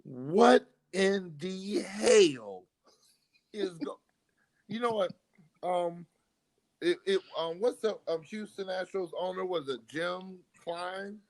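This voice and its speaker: A man's voice: sits high, unhurried, rough recording. A man co-hosting a sports podcast, ranting in exasperation and tripping over repeated words. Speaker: podcast co-host. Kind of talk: heated casual sports chat.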